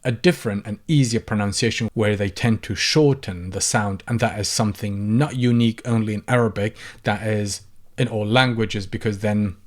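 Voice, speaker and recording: Patient, lower-voiced male language teacher. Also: moderate pace. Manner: patient, repeats example phrases several times. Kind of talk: language lesson. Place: lives in the UK.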